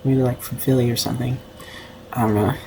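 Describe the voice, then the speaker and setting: A man's voice: mid-range voice, steady tone, fast, noisy background. A young man streaming casually, rambling and self-conscious with lots of filler words. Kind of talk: casual livestream commentary.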